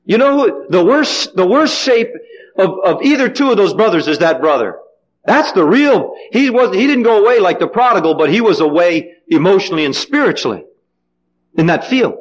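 A man preaching a sermon, asking the congregation questions and letting them call back the answers, with sudden swings in pitch and pace. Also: sing-song, moderate pace, low-quality recording. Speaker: pastor.

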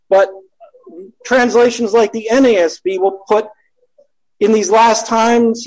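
A man's voice: high voice, a little mellow, rough recording. A man teaching a Bible study in a conversational way, reading scripture aloud and correcting himself as he goes.

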